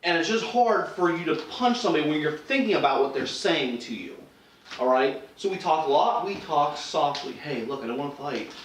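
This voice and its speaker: A man's voice: a little high, expressive, moderate pace, a little hiss or hum. A man instructing self-defense, talking casually with frequent restarts and acted-out lines while demonstrating. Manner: casual, conversational, many restarts and acted-out quotes. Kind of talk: demonstration lesson. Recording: roomy echo, mic far off.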